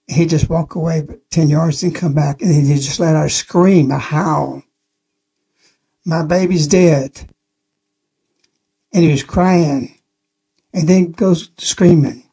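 A man's voice: on the high side, steady tone, measured pace, gravelly, dark tone, slightly rough. A man giving an earnest spoken testimony on a religious radio program, telling the story plainly and repeating key phrases.

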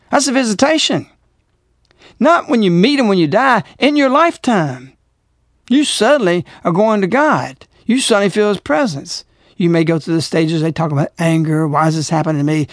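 A man's voice: high-pitched, dry recording, studio quality. A middle-aged man hosting a religious radio talk show, speaking emphatically and repeating himself as he preaches.

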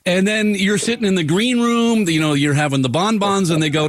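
A man's voice: high voice, fairly quick, hardly any pauses, no room sound. A man in his fifties hosting a local sports talk radio show, chatty and self-deprecating, stumbling over repeated words. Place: radio studio. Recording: dry studio sound.

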